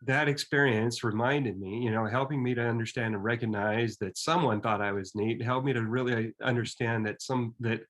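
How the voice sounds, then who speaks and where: A man in his fifties shares a personal story in a plain, mid-pitched voice. He speaks earnestly and reflectively. His phrases come in halting bits, with frequent restarts. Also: steady tone.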